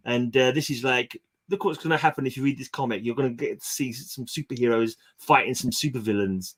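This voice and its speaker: A man's voice: medium pitch, fairly quick, hardly any pauses, a bit bright. Chatty man riffing on comics. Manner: chatty, jokey, restarts mid-sentence. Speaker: comic collector co-host. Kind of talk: casual chat.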